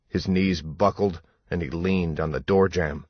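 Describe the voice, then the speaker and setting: A man narrates an audiobook in a measured, even manner. His voice sits very low, husky and unhurried. The recording is dry, dull and a little lo-fi. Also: no room sound. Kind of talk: scripted narration.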